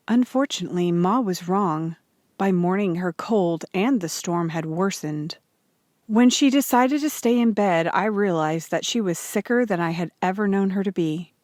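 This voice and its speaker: A woman reading a children's chapter book aloud in a steady, clear storytelling voice. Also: lowish voice, no room sound, studio quality. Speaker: audiobook reader.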